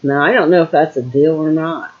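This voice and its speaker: An older woman from Ohio, USA, vlogs to camera at home in a casual, rambling monologue full of fillers and trailing thoughts. Her voice sits low, she talks fairly quickly, and the sound is phone-quality.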